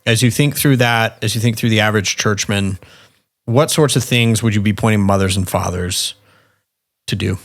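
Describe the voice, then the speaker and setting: A man's voice: fairly low pitch, normal speed. A man co-hosting a podcast in casual chat, steadily leading the talk and asking questions. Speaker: podcast co-host.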